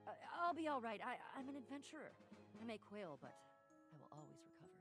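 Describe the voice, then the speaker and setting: A woman's voice: a little high, big pitch swings, fast talker, a bit bright. A flustered, formal female adventurer. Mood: shaky. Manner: grandly formal, flustered and stammering. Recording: game audio with music behind.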